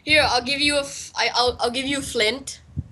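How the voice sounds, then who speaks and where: A woman playing a video game with a friend, teasing and excitable, swearing and laughing often. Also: high-pitched, brisk, a little hiss or hum. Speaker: gamer. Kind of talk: casual gaming chat.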